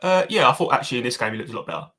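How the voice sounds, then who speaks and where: A man's voice: medium pitch, big pitch swings, very fast, sharp tone. A man co-hosting a casual fan podcast, giving blunt opinions, swearing and calling his co-host mate. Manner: blunt, matey, swearing, says mate a lot.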